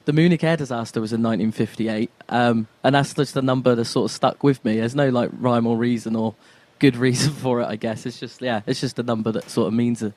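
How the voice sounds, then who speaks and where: A man's voice: medium pitch, steady tone, brisk, darkish tone. A man, a singer-songwriter guest on a podcast, chatting in a friendly way and laughing often. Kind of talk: casual chat.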